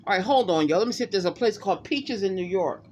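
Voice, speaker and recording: A woman psychic reader vlogs to her viewers, casual, emphatic, and animated, often addressing them directly as "y'all." Her voice is medium-pitched and fast, with a little hiss or hum.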